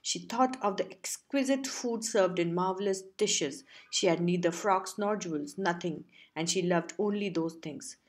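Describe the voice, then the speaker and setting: A woman reading a short story aloud as an audiobook narrator, steady and measured. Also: on the low side.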